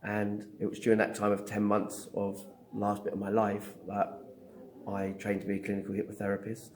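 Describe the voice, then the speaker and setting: A man's voice: fairly low pitch, moderate pace, slight background noise. A middle-aged man, a psychic medium, telling his story in an interview, acting out the dialogue with lots of ums. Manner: animated storyteller, acts out dialogue with hesitant ums.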